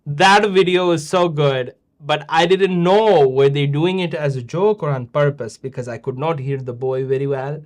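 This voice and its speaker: A man's voice: a little high, moderate pace, hardly any pauses. A middle-aged man hosting a kids' show, judging their videos with playful teasing and mock-scolding. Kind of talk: casual chat.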